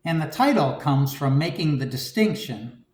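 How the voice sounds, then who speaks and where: A man giving a conversational homily, relaxed and reflective, with frequent "you know" and "um". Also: fairly high pitch, moderate pace, roomy sound. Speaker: preacher.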